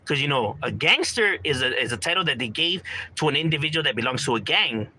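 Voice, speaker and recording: A man's voice: mid-range voice, animated, fast, pushed and bright, a little hiss or hum, rough recording. A man talking casually in a monologue, full of street slang and "you know, bro," acting out quotes from friends. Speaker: commentator talking about gang culture.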